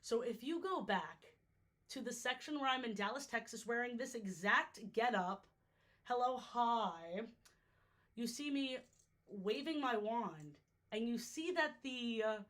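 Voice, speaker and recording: Bright chatty young woman livestreaming. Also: fairly high pitch, animated, slow. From New York. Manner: chatty, jokey, easily sidetracked. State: slightly worn-out voice. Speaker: streamer ranking water parks. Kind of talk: casual livestream chat.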